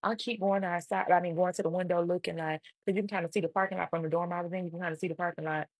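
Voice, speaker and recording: A woman casually retelling a personal story in an animated way, acting out other people's lines. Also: fairly low pitch, very fast, no echo. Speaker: storytime vlogger.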